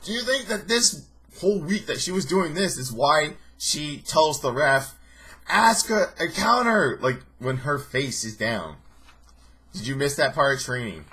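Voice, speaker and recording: Sarcastic, bright-voiced young man. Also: a little high, unhurried, breathy edge. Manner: sarcastic, joking, animated mimicry of people. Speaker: show reviewer. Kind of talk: casual recap commentary.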